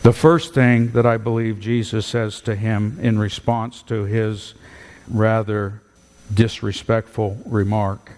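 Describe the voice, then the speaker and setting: A male pastor preaching a sermon with emphatic, animated delivery in a church. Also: lowish voice, takes it slowly. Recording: long hall reverb.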